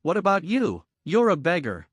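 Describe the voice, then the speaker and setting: A man reading as a vain young woman turned bitter, her words sharp with derision and flung in a lively, up-and-down voice. It is recorded close and dry, with no roominess, as in a storybook audiobook. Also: sits high, normal speed, slightly rough, no echo, heavily acted. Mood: scornful. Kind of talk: audiobook narration with character dialogue.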